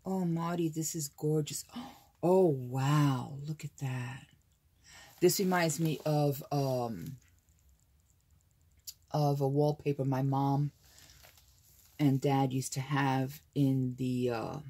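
A woman's voice: a bass voice, steady tone, slow, pauses often, mellow, breathy edge. An older American woman hosting a casual crafting unboxing, gushing and gasping with delight over papers. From United States. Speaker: crafting channel host.

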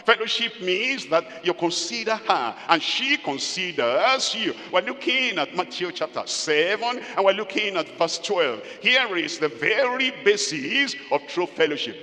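A man's voice: high voice, very animated, normal speed, few pauses, sharp tone. An older man preaching a sermon, asking his listeners questions and acting out what spouses say to each other. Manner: preaching with rhetorical questions to the congregation; acts out spouses' remarks in little quoted scenes. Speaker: pastor. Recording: long echo of a large hall.

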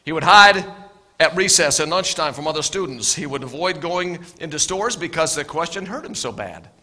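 A middle-aged male pastor preaching a sermon with storytelling, earnest, often repeating his words and dropping to soft asides. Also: fairly high pitch, expressive, normal speed.

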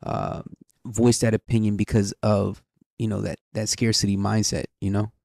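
A man's voice: lowish voice, flat delivery, moderate pace, gravelly, a little mellow, no echo. A man co-hosting a podcast with his wife, talking in a casual, slangy, rambling way with lots of fillers. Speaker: podcast co-host.

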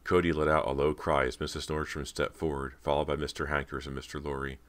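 A man narrating a horror audiobook in a steady, measured reading. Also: extremely low pitch.

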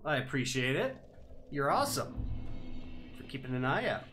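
A man streaming a video game live, excitably yelling at enemies and thanking his viewers. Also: medium pitch, moderate pace, faint music behind. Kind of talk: live gameplay stream commentary.

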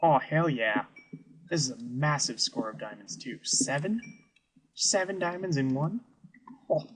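A man's voice: medium pitch, lively intonation, measured pace, a crowd in the background, low-quality recording. A man giving wry, musing commentary over a video game he is playing. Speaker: let's play host. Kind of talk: gameplay commentary.

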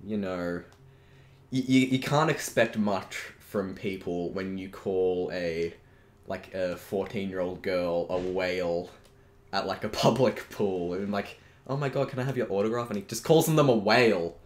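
A man's voice: deep voice, a little slow. A teenage boy co-hosting a casual podcast chat, rambling and trailing off into mumbles. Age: teens. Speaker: podcast co-host. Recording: echoey room with faint noise.

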